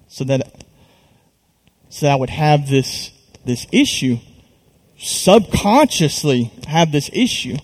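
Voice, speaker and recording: A young man telling an earnest, halting personal testimony on a live stream, full of restarts and fillers. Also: mid-range voice, a little mellow.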